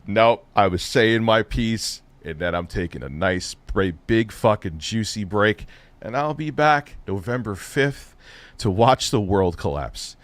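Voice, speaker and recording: A man's voice: on the low side, lively intonation, a little slow, no room sound. A man hosting a live stream, ranting with heavy profanity and biting sarcasm. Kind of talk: heated live-stream rant.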